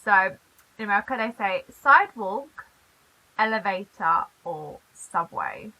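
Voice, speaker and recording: A British woman from the UK chatting in a casual vlog, animated and quick to laugh. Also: mid-range voice, low-quality recording. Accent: British English. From United Kingdom. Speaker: YouTuber.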